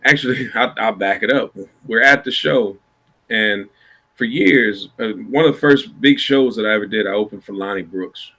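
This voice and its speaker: Bright-voiced man telling a long story. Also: lowish voice, normal speed. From Iowa, USA. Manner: laid-back, rambling storyteller. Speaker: blues musician guest. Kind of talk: casual storytelling chat.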